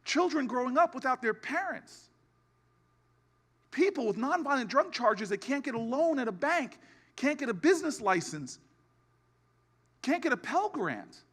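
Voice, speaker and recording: A man delivers a keynote in a high, bright, forceful voice. He moves from humorous family stories to a rousing, oratorical finish, repeating his lines louder each time. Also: sing-song, moderate pace, long pauses. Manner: oratorical, builds to shouted repetition; humorous storytelling asides. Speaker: keynote speaker.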